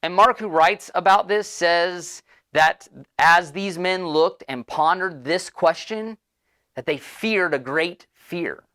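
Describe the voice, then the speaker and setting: Male pastor, relaxed storytelling sermon voice, chatty asides. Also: high-pitched, slow.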